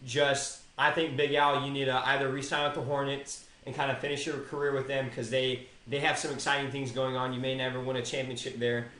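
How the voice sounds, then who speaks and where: A man's voice: mid-range voice, a bit bright. Young man with opinions in a roomy space. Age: young adult. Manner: opinionated, addresses players directly. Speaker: podcast co-host. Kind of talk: casual sports chat. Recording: roomy echo.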